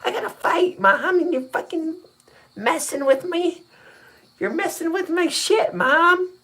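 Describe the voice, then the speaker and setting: A shrill, high-pitched little girl, worked up mid-game and swearing indignantly at her mother, as a man puts her on. Her voice sounds a little thin and far off as she squeals her protest. The tone is cartoonish and outraged. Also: expressive, unhurried, pushed and bright, heavily acted. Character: excited, angry little girl gamer.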